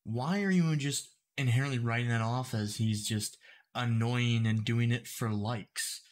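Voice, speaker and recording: A man making commentary videos who speaks deliberately clearly and explains his points step by step. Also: medium pitch. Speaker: YouTube commentator.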